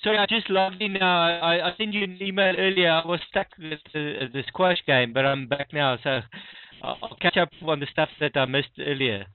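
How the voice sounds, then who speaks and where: South African male caller, slightly high voice, hurried, thin phone-like sound. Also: smooth, dry recording. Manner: apologetic and hurried. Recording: tinny internet call line.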